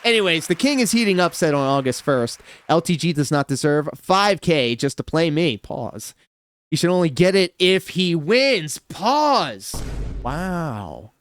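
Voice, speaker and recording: A man hosting a livestream reaction show, commenting casually with sarcasm and sudden animated outbursts. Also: fairly high pitch, normal speed, no echo. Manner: animated, sarcastic, bursts into shouts and laughter.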